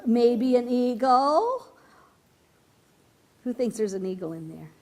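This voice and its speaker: A woman reading a picture book aloud to a group of children, playful and animated, stopping often to ask them questions. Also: on the high side, slow. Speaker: children's storyteller.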